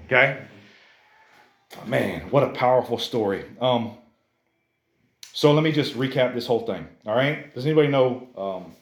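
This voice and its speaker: A man preaching a sermon to a congregation in a conversational, animated way, often calling the listeners "guys". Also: medium pitch, moderate pace, pauses often, reverberant. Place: church service.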